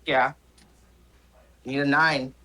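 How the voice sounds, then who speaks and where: A man's voice: mid-range voice, level tone, slow pace, a crowd in the background, poor audio. A man narrating as game master of a tabletop game, casual and full of fillers and self-corrections.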